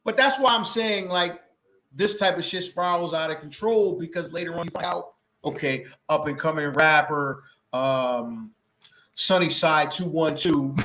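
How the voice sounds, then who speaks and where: A man's voice: a little high, unhurried, sharp tone. A man in a casual debate among friends, talking profanely, often cutting in and restarting his sentences.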